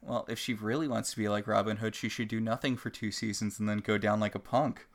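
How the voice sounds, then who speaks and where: A woman's voice: rumbling low, fairly even intonation, fast talker. A woman co-hosting a podcast, recapping an episode casually with dry, mocking humor. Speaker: podcast co-host.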